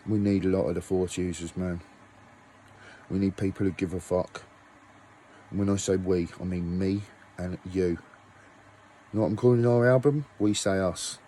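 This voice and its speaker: Angry and profane, a musician vlogger rants to camera at his viewers, throwing out rhetorical questions. He has a deep, dark-toned voice, and a little hiss or hum runs underneath.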